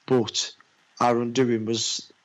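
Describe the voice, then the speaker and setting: A man's voice: mid-range voice, level tone, dull audio. A man in casual chat about films he has watched, chatty and loose, acting out little anecdotes. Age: adult with a daughter. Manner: chatty, uses "mate", acts out anecdotes in quick voices.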